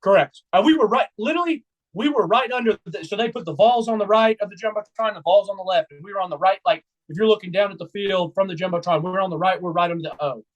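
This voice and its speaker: A young man co-hosting a casual sports podcast, excitedly retelling a game day and acting out his own trash talk. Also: sits high, quick pace, hardly any pauses, dull audio. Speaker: podcast co-host.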